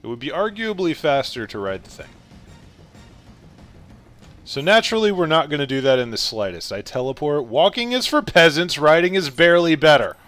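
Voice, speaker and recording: A man streaming a fantasy game, joking casually with loud bursts and swearing while he plays. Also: on the high side, animated, normal speed, soft background music. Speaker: gaming streamer.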